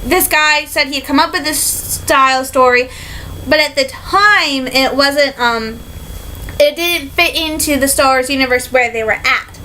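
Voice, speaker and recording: A young woman from Michigan chats in a casual vlog, her voice high and bright. She rambles eagerly, with plenty of "um" and "like", and now and then drifts toward a put-on British accent. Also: a little slow, a little hiss or hum, low-quality recording. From Michigan, USA. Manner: excitable, rambling, many fillers and likes, slips into a put-on British accent. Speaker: vlogger.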